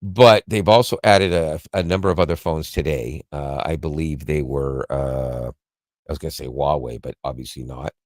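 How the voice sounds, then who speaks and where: Deep-voiced man rambling about tech. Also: normal speed, dry recording, clean studio sound. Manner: rambling, self-correcting, chuckles often. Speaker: podcast co-host explaining tech. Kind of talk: casual tech podcast chat.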